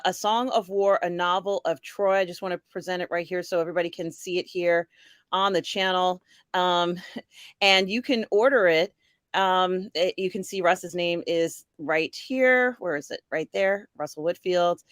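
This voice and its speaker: A woman's voice: lowish voice, moderate pace, dry recording, clean studio sound. A woman hosting a casual live-stream chat show, upbeat, welcoming guests and reading viewer comments aloud. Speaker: host.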